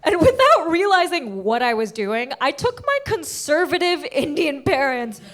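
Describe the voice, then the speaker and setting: Woman stand-up comic with a high voice, doing animated storytelling with big pitch leaps. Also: moderate pace. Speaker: stand-up comedian. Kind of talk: stand-up comedy set. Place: comedy stage.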